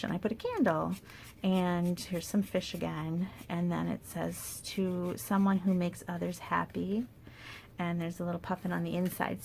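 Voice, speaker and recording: A woman demonstrating paper crafts in a casual tutorial, chatty and thinking aloud with soft asides under her breath. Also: lowish voice, gravelly, slight background noise.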